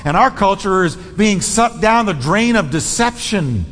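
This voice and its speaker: High-voiced man preaching in an echoing hall. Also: animated, a little slow, a bit bright. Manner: bold, emphatic preaching with shifting pace. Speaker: pastor. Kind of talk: sermon. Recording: long reverb of a large hall.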